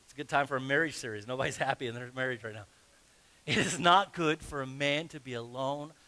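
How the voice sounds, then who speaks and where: A man's voice: mid-range voice, fast talker, bright, forceful tone. A man preaching a sermon as pastor, reading scripture aloud and acting out the story with humor. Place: church sanctuary.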